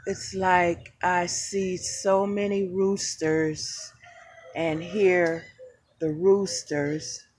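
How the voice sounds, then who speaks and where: A woman filming herself outdoors by a road near her home, talking to camera on a phone, at times near tears and at times slow and reflective. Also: fairly low pitch, flat delivery, a little mellow, rough recording. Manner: distressed, near tears, exclaiming. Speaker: vlogger.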